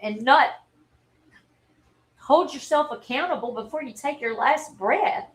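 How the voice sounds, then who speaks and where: A woman, telling a personal story in a halting, earnest and openly emotional way on a livestream. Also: high-pitched, animated, rough recording. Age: 40s. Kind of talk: candid personal livestream talk.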